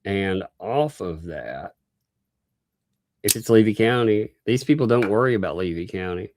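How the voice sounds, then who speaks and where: Low-voiced Southern man chatting on stream. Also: expressive, measured pace, a little mellow, slight background noise. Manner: laughs often, reads viewer messages aloud. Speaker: livestream host. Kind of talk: casual livestream commentary.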